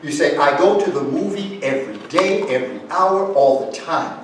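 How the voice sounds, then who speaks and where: A man's voice: a little high, expressive, normal speed, slight background noise. A man lecturing a live audience, acting out example phrases and coaxing them to join in. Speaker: guest speaker. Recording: echoey room, far from the mic.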